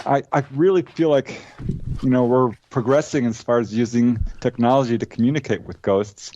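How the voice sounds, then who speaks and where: A man's voice: medium pitch, warm tone. A man answering in an interview, thoughtful and musing. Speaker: guest author. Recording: dull lo-fi line.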